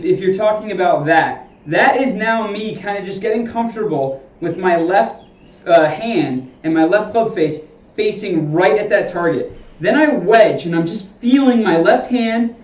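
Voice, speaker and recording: High-voiced man in a roomy simulator room. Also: a little mellow. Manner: explains his swing feel to chat, talking to himself between shots. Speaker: golf streamer. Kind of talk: casual live-stream chat while practicing. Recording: roomy dull sound, mic at a distance.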